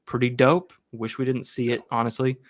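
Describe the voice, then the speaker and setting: A man's voice: mid-range voice, level tone, normal speed. A man co-hosting a live movie podcast, talking casually and rambling through his points. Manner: rambling, many fillers and restarts. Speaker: podcast co-host.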